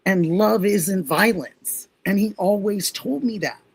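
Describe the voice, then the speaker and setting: A woman hosting a livestream, chatting casually and telling an animated story. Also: mid-range voice, a little slow, gravelly, breathy edge. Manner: animated storyteller, quotes others. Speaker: livestream host.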